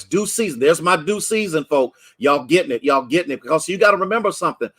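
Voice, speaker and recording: A man's voice: high-pitched, quick pace, hardly any pauses, fairly bright tone. A man preaching a sermon, repeating phrases for emphasis and calling out viewers by name. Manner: preachy call-and-response, greets online viewers by name. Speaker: pastor. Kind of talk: livestreamed sermon teaching.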